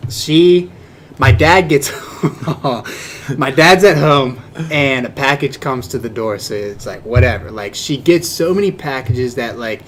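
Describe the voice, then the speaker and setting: A man's voice: medium pitch, takes it slowly, a little hiss or hum. A man hosting a podcast in casual chat, laughing a lot, swearing and playful while telling a story. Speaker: podcast host.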